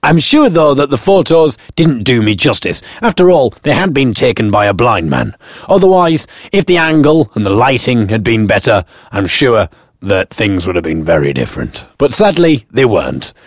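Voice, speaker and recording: Narrating his own story at normal speed, a British blogger keeps a wry, self-mocking tone in a slightly husky voice that rises and falls a lot. He leaps high to stress points and drops low for deadpan remarks. The sound is close and dry, with no echo.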